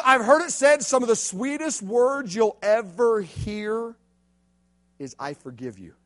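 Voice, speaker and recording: A middle-aged man, a youth pastor preaching a sermon, dropping to a hush and then building to loud, emphatic appeals. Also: high-pitched. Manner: storytelling preacher, swings from hushed to loud and emphatic.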